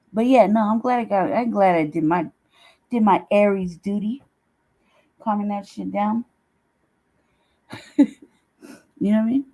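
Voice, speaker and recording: A woman's voice: mid-range voice, warm tone, low-quality recording. A woman hosting a casual livestream, talking bluntly with heavy swearing and bursts of laughter. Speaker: show host.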